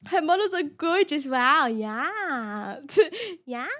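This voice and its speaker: Giggly, excitable young woman streamer. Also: high voice, takes it slowly. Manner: giggly, excitable, many restarts and stammers. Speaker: VTuber streamer. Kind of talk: casual live-stream chat.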